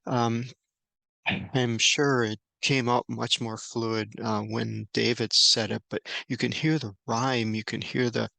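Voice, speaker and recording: A man giving an unscripted Bible study lesson indoors, halting often with fillers and restarts. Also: mid-range voice, level tone, vocal fry, sharp tone, no echo. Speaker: Bible teacher.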